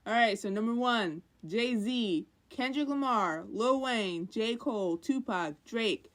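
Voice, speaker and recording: A woman's voice: on the high side, animated, takes it slowly. A woman co-hosting a podcast in casual chat, blunt and sarcastic. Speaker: podcast co-host.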